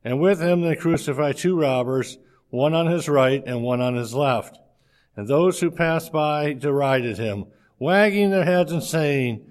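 A man reading a scripture passage aloud in a steady, measured way, with a few slips. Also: on the high side.

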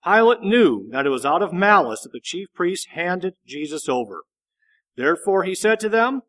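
A man reading a Bible passage aloud in a measured, steady narration. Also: a little high. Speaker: scripture reader.

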